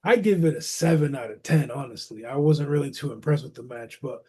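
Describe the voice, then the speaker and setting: A man co-hosting a casual wrestling podcast, talking in an animated, slangy way and calling his co-host "bro" and "man". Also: medium pitch, a little fast, slightly rough.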